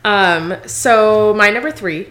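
A woman co-hosting a podcast, chatting casually about a movie in an animated way and acting out the lines she quotes. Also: mid-range voice, slow, reverberant. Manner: animated, acts out quoted lines, laughs often. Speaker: podcast co-host. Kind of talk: casual movie review chat.

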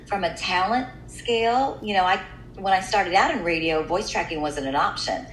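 A middle-aged American woman with a lowish voice talks shop in a relaxed, candid way. She sounds like a seasoned radio host chatting. The room is roomy and echoey, with faint noise underneath. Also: moderate pace. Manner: candid, relaxed, frequent "you know". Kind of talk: casual chat.

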